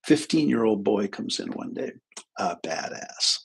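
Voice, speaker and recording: A man's voice: on the low side, big pitch swings, measured pace, creaky, breathy edge. A male therapist talking casually on a livestream, chatty and self-deprecating as he tells funny anecdotes.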